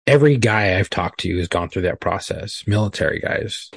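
A man's voice: fairly low pitch, animated, moderate pace, gravelly, a little hiss or hum. A man co-hosting a podcast, telling stories in casual chat with heated, profane talk. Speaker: podcast co-host.

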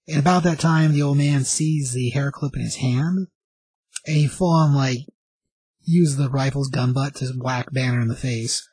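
A man rambling through a comic book recap, stacking up fillers and restarting his sentences. His voice is husky and a little rough. The sound is dry and close, with no room echo. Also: mid-range voice, normal speed, darkish tone.

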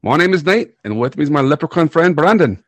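Guy doing a goofy jolly leprechaun voice, way up high, fake irish accent, loud. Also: expressive, fast, no room sound. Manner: hammy, exaggerated put-on Irish accent. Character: jolly male leprechaun-style Irish host.

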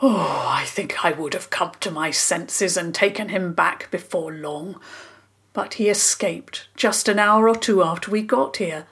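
A woman's voice: fairly low pitch, measured pace, a bit bright, breathy edge, exaggerated voice. A woman voicing a flustered, guilty middle-aged man who splutters and sighs as he confesses, in a children's story. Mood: guilt-ridden. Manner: spluttering, apologetic, sighing.

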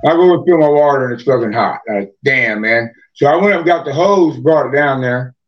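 On a dull, lo-fi podcast recording, a moonshiner guest rambles through a lengthy story, cursing nonstop and filling gaps with "man" and "you know." His mid-range voice moves fairly quickly.

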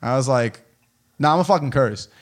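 A young man telling a story in casual podcast chat, animated and profane, with lots of "yo" and "like". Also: medium pitch, normal speed. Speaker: podcast co-host.

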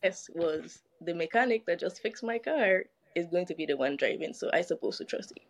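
A woman, telling a story as a guest in casual chat, animated and profane, acting out what others said. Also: on the low side, a little fast. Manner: animated, profane, acts out quoted dialogue.

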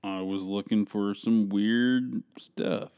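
A man's voice: fairly low pitch, fairly even intonation, slow, darkish tone, clear, resonant tone, dull audio. A man co-hosting a podcast in casual chat, laid-back, giving short replies and reading headlines aloud. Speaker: podcast co-host.

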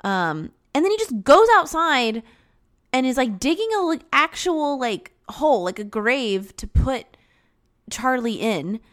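A young woman chatting casually as she retells a film plot, rambling with lots of "like" and acting out lines in high squeaky voices. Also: very animated, unhurried, fairly bright tone. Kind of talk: casual chat recapping a film.

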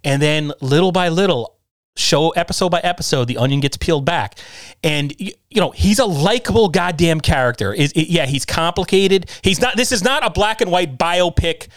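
A man on a casual chat show, ranting with emphasis and calling out to the audience. His voice sits a little higher than most men's, and the recording is dry and close with no room sound. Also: animated, moderate pace, dry recording. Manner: emphatic, ranting, talks straight at listeners.

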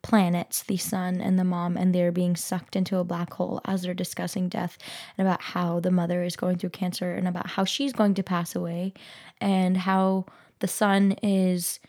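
A woman talks alone into her podcast mic, earnest and reflective, often turning to the listener with questions. Her voice is mellow and dark with a gravelly edge, and her pitch stays fairly flat. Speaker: podcast host. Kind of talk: reflective solo podcast talk. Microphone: podcast microphone.

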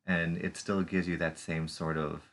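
A man's voice: sits low, level tone, a little slow, fairly bright tone. A man co-hosting a podcast, chatting casually about a TV episode and making playful jokes. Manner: playful, puts on silly voices and puns. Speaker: podcast co-host. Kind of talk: casual chat recapping a TV episode.

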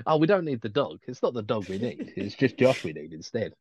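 A man's voice: medium pitch, very animated, a little fast, a little mellow, breathy edge, dry recording. A man co-hosting a podcast, rambling through casual chat with lots of restarts and fillers. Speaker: podcast co-host.

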